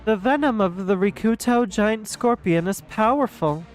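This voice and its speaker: A woman voicing a cold, expressionless masked male game master who talks in a mocking, smug, drawn-out way while she reads game dialogue. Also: mid-range voice, lively intonation, faint music behind, lightly acted. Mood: taunting. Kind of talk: reading game dialogue aloud.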